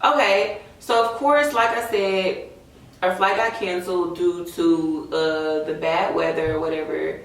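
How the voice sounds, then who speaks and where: A young woman telling a story in casual, animated chat while she does her makeup. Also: lowish voice, unhurried. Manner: animated, chatty, says "y'all" often. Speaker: beauty vlogger. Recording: echoey room, voice a bit distant from the mic.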